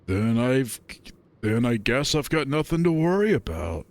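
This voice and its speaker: A man's voice: mid-range voice, sing-song, a little slow, no echo. A man voicing a bulky, shy young male ram gamer in a visual novel read-aloud, in a grumbly, reluctant manner. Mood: deadpan.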